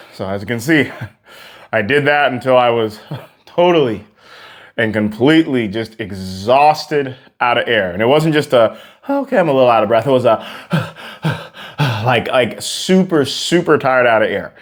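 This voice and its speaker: A young man coaches singers through a warm-up in an earnest, encouraging way. He repeats key words for emphasis. A piano sits in the background. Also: medium pitch, animated, measured pace. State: out of breath after exercises. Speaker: vocal coach. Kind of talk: singing lesson with demonstrations.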